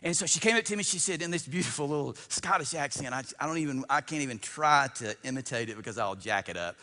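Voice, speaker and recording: A man in his fifties, a pastor preaching a sermon, swinging between loud emphatic bursts and hushed storytelling and repeating words as he builds up. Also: mid-range voice, lively intonation, fast. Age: 50s. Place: church sanctuary. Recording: long church-hall reverb.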